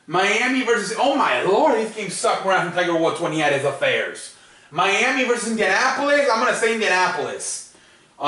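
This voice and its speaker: Young male host, high bright voice, profane and rambling, heard from off-mic in a very echoey room. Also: distant mic. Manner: profane, rambling, loose and joking. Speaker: sports show host. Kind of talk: casual solo sports picks talk.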